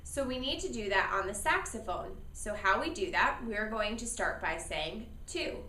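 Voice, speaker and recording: A woman's voice: mid-range voice, animated, normal speed, pushed and bright, far from the mic, slight background noise. Upbeat woman teaching beginner saxophone. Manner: patient, encouraging, counts and models for students to echo. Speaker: music teacher.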